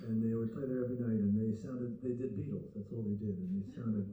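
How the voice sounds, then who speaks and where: An older man tells a story on a theater stage, animated and acting out each exchange. The sound is distant and a little dull, with a roomy echo and a faint hiss behind it. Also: lowish voice, quick pace. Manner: animated storyteller, acts out dialogue. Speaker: guest musician. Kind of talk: storytelling anecdote. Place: theater stage before an audience.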